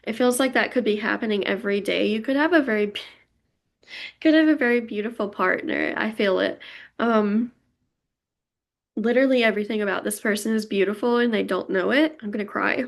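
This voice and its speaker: A woman's voice: mid-range voice, a little fast, gravelly. A young woman giving a pick-a-card tarot reading, emotional and gushing as she talks straight to her viewers. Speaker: tarot reader.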